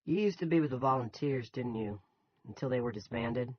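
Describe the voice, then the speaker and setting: A man's voice: medium pitch, animated, a little fast, slightly rough, no room sound, dull audio. A man voicing a blustering middle-aged male town boss who gives commanding, scoffing, folksy orders. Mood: bossy.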